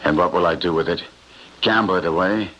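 A man's voice: low voice, fairly quick, a bit bright. An actor playing a frightened male gambler in an old radio drama, stammering and pleading. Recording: dull lo-fi old radio recording.

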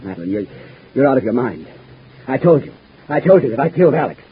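An actor playing a frightened, guilt-ridden husband in an old-time radio soap, pleading in anguish. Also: male voice, medium pitch, sing-song, fast. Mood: desperate. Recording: husky lo-fi old radio broadcast.

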